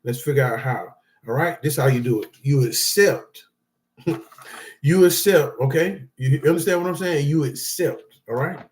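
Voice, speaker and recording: A man's voice: on the high side, a little fast, darkish tone. A man speaking casually to viewers as a support group speaker, reading from notes and giving loose, rambling advice with frequent check-ins like "all right?". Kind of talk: casual motivational talk. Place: indoors, reading from notes to camera.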